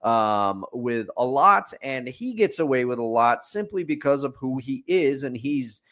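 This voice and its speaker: A man's voice: mid-range voice, lively intonation, unhurried, a bit bright. A man co-hosting a casual sports podcast, opinionated and picking things apart point by point. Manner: opinionated, building lists with a repeated refrain. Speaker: podcast co-host.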